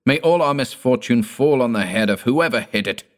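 A man's voice: mid-range voice, expressive, moderate pace, pitched above the performer's own voice, close to an everyday voice. A man voicing a grim adult village father from a storybook, firm and commanding. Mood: furious. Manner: firm, commanding, rising to fury.

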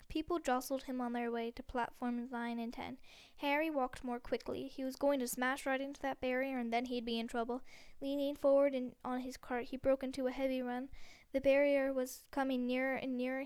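Give me a woman reading a novel aloud with small stumbles and restarts. Her voice is smooth and high-pitched. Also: no room sound. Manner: steady, with frequent slips and restarts. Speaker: reader.

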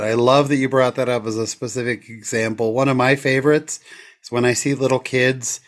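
A middle-aged man hosting a casual podcast chat from his home office, speaking earnestly and getting emotional. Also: mid-range voice. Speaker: podcast host.

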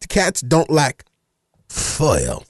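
A man hosting a casual podcast chat, animated and laughing often. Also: a little high, extremely slow, no room sound, studio quality. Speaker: show host.

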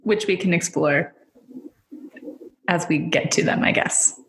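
A woman's voice: fairly low pitch, measured pace, fairly bright tone, reverberant, slight background noise. A woman co-hosting a podcast in casual chat, with a dry, wry humor. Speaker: podcast co-host.

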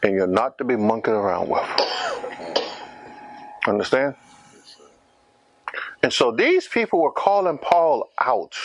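A man's voice: medium pitch, dry recording. A man preaching a sermon, questioning the congregation and acting out scripture scenes.

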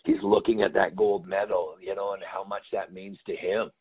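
A man speaks as a guest on a sports podcast. He tells stories in a rambling, heartfelt way and leans on "you know". His voice is lowish and husky, and it comes through a narrow, phone-like line. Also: little pitch movement, moderate pace. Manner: emotional, rambling, heavy with 'you know'. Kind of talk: casual storytelling interview. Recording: phone-like remote audio.

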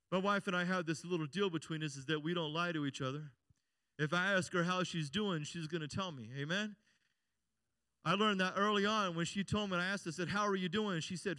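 Brief: middle-aged pastor, very high clear voice, dry close sound, chatty sermon with call-and-response. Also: male voice, bright, forceful tone, no room sound. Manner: conversational preaching, frequent call-and-response "amen?".

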